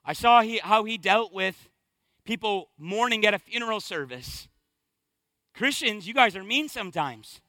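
A male pastor preaching with a strikingly high, bright voice that stays crisp and close. His delivery is impassioned and conversational, sliding from near-hushed lines to loud bursts. The sound is dry, with no room around it. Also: lively intonation, measured pace, no echo. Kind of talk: sermon.

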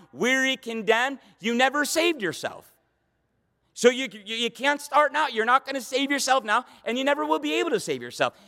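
A man delivers an impassioned sermon, pleading and repeating words as he drives each point home. His voice sits high for a man. The sound carries a long reverb, as in a large hall. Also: fairly bright tone. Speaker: pastor.

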